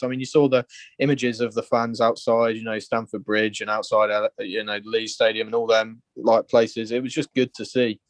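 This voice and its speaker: A man's voice: mid-range voice, no echo. Passionate Scouse young man. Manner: passionate, indignant. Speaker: caller. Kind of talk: phone-in fan opinion.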